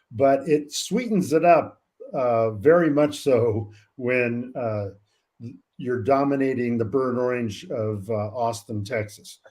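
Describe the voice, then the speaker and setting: Mellow-voiced older coach, unhurried. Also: male voice, mid-range voice. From California. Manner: measured and reflective, many "uh" pauses. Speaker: college track coach, guest. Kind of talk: casual interview talk.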